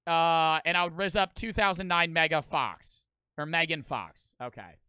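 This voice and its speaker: A man's voice: on the high side, normal speed, pushed and bright, smooth, no echo. Young guy ranting and roasting a video on stream, swears constantly, dry close sound. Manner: profane, mocking, rambling. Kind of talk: live-stream reaction commentary.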